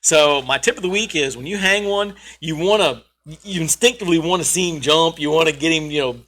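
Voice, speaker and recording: A man's voice: on the high side, brisk, a bit bright. A man hosting a casual podcast, telling stories in an emphatic, joking way. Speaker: podcast host. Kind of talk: casual chat.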